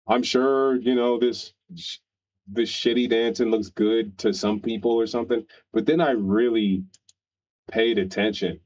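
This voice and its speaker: A man's voice: lowish voice, fairly even intonation, measured pace, a little mellow, muffled recording. A man streaming, ranting casually in a crude, opinionated way and rambling through restarts.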